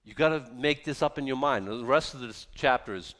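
A man's voice: mid-range voice, a little fast, a bit bright, in a large hall. A man preaching a sermon with passion and zeal, mixing in mocking asides. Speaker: pastor.

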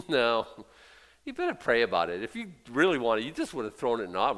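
A middle-aged male pastor preaching a sermon, animated and emphatic, dropping to hushed asides and rising to loud bursts. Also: mid-range voice, brisk.

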